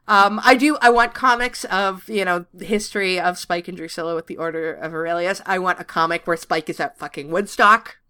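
Woman, 30s, podcast co-host; casual, bright, quick to laugh and curse. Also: lowish voice, clear, resonant tone. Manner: laughing, swears freely. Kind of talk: casual chat.

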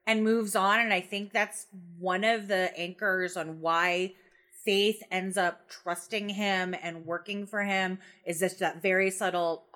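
Woman co-host, frank and animated, bright voice; casual chat. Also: mid-range voice, measured pace. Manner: animated and frank, swears for emphasis. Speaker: podcast co-host. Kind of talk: casual discussion of a TV episode.

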